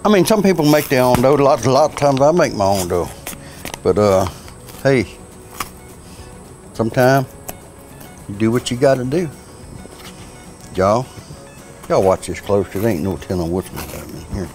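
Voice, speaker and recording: A man's voice: mid-range voice, animated, normal speed, long pauses, darkish tone, faint music behind. Folksy Cajun man cooking outdoors. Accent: Cajun Louisiana. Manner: folksy, chatty, says y'all a lot. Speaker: cook. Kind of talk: cooking demo.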